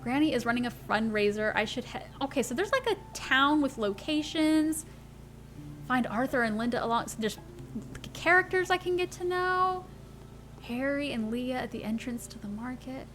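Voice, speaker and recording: A woman hosting a let's play, chatting casually and gushing over a cozy game with a giggly, excited manner. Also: high-pitched, normal speed, slight background noise. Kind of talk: casual gameplay commentary.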